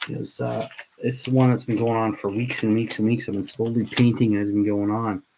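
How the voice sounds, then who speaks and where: Chatty, low-voiced man streaming. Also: little pitch movement, a little fast, noisy background. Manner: rambling, restarts often, chatty and earnest. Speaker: livestream host painting miniatures. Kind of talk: casual livestream chat.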